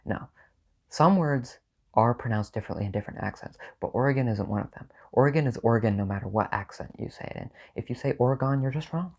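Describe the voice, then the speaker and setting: Delivering a casual comedy monologue as a video host ranking states, a man talks fast in a deadpan, offhand way at an ordinary middle pitch. Occasionally he leaps up in pitch for mock outrage before settling back into his dry, unbothered tone.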